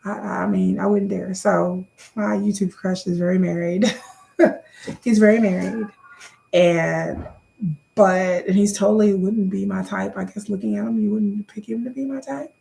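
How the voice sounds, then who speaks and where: A woman's voice: medium pitch, fairly even intonation, moderate pace, gravelly, mellow. A woman in her thirties doing a casual question-and-answer vlog to camera, chatty, often repeating words and calling viewers y'all.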